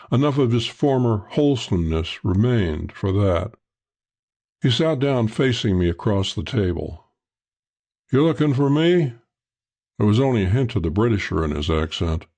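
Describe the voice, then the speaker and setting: Low-voiced man narrating hardboiled crime. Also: a little mellow. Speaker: audiobook narrator.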